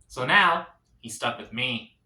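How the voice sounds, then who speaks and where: Bright-voiced man doing awkward stand-up. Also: mid-range voice, lively intonation, slow pace, roomy sound. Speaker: stand-up comedian. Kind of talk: stand-up comedy set.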